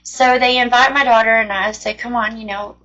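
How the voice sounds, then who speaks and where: A woman's voice: on the high side, steady tone, fairly quick, pushed and bright, dull audio. A woman telling a personal testimony of faith in a casual, earnest, rambling way. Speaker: faith storyteller.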